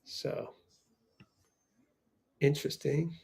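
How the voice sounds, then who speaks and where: A man hosts a live fan watch party from a home computer setup, calling the game in a casual, unhurried way. His voice has a gravelly fry to it, and he reacts out loud to big plays. Keyboard typing comes through behind him. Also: a little high, flat delivery, slight background noise. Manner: reacts loudly to plays, reads chat aloud. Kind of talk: casual live play-by-play and chat.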